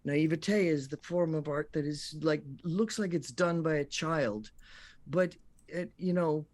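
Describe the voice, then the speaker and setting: A man's voice: on the high side, a little slow. A man who works as a voice actor, telling stories as a guest on a talk show and acting out the voices of the people he quotes. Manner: animated storyteller who acts out quoted voices.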